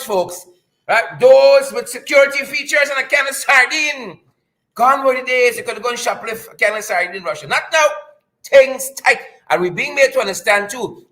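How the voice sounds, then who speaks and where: Hyped-up Guyanese man, very high voice. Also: bright, forceful tone, low-quality recording. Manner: jokey, repetitive, hyped-up. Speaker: live-stream host. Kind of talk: live-stream news commentary.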